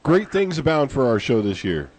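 A man hosting a radio talk show, upbeat and quick to read out sponsors. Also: medium pitch, very animated, a little mellow, no room sound. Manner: upbeat, reads sponsor ads.

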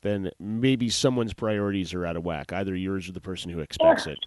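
A man's voice: brisk, darkish tone, no echo, studio quality. A man hosting an open-mic poetry radio show, chatting casually and joking in put-on voices. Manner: playful, jumps into high-pitched joke voices.

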